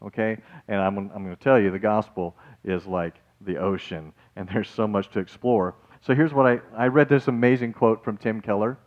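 A man preaching a sermon as a pastor, lively and joking, with asides and acted-out quotes. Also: fairly low pitch, normal speed, few pauses, lo-fi sound.

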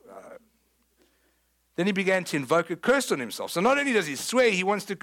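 A South African man delivers a sermon with a slightly higher voice. He tells the story with energy and humor, and breaks into the voices of the people he quotes. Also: big pitch swings, brisk, gravelly, pauses often, a bit bright. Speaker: pastor.

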